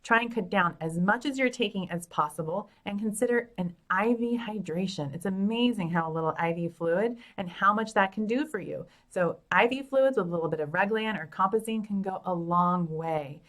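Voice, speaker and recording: A woman doctor hosts a relaxed live Q&A over her phone, answering viewers one after another. Her voice sits a little low for a woman. She is chatty and frank, and quick to laugh at herself. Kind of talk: casual live Q&A chat.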